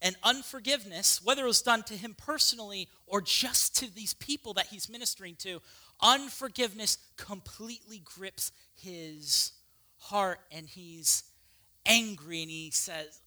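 A preacher delivering an animated, conversational sermon with casual asides. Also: medium pitch, measured pace.

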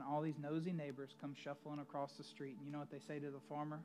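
A man's voice: on the high side, level tone, quick pace, hardly any pauses, darkish tone. A male pastor preaching a sermon in a conversational storytelling way, with emphatic asides to the congregation.

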